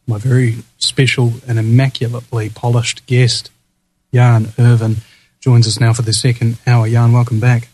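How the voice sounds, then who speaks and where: A man's voice: medium pitch, little pitch movement, moderate pace, a little mellow, rough recording. A man with a New Zealand accent hosting a talk radio show, rambling with many fillers and restarts. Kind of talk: casual talk radio interview.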